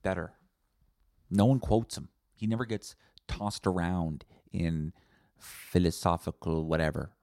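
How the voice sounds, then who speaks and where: A man hosts a solo podcast in a low voice, rambling from one thought to the next. His tone is warm and dark, and he swears bluntly. The recording is close and dry, with no room echo. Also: measured pace. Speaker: podcast host. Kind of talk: casual solo podcast monologue.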